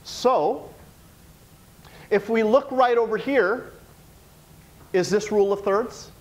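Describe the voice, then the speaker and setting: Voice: medium pitch, slow pace, poor audio. A teacher giving a classroom lesson, coaxing the students with question after question.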